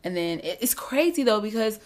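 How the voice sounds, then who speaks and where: A woman co-hosting a casual chat, relaxed and reflective. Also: mid-range voice, a little fast. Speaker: podcast co-host.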